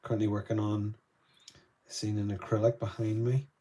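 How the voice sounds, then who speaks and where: A man's voice: lowish voice, little pitch movement, normal speed, mellow. A Northern Irish man chatting loosely through a live painting lesson, greeting viewers between strokes. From Northern Ireland. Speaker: art tutor.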